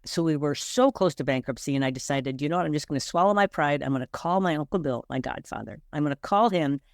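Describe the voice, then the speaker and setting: A middle-aged woman hosting a podcast, telling a personal story in an earnest, animated way, often checking in with "right?". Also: deep voice, fast talker, dry recording, studio quality. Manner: earnest and animated, frequent "right?" and quoted self-talk. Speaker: podcast host.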